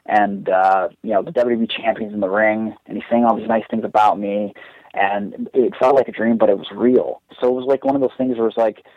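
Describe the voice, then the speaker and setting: A young man with a lowish voice tells a heartfelt story at length, circling back on himself with lots of "like" and "you know." The sound is dull and lo-fi, with a dry, close quality and no room around it. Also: fairly even intonation, fairly quick, dry recording. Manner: earnest, rambling, heavy use of "like". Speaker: guest wrestler. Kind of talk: casual storytelling.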